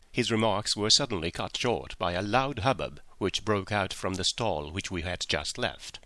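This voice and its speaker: A man narrating a classic story in measured audiobook style. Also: sits low, sharp tone, dry recording.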